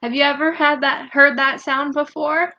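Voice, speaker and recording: A woman reading a picture book aloud to children, gently asking them questions and breaking into loud animal sounds. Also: high-pitched, fairly even intonation, dull audio. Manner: slow, gentle, asks the young listeners questions; bursts into loud animal noises. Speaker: storytime reader.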